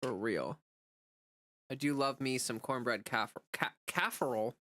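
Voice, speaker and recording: A woman's voice: a bass voice, moderate pace, a bit bright. A woman streamer in casual live chat, answering chat messages in a chatty way with lots of "like" fillers.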